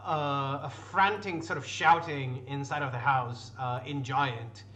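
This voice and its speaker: A man's voice: medium pitch, fairly even intonation, unhurried, pushed and bright, slight background noise. A man narrating a tabletop game as game master, rambling loosely with restarts and the odd curse. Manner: rambling, full of restarts and fillers, loose and profane.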